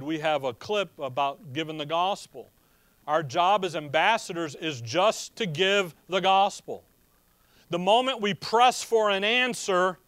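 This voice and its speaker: High-voiced man preaching a conversational sermon. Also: a bit bright, dry recording. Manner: conversational preaching full of rhetorical questions; tells personal stories with chuckles. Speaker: pastor.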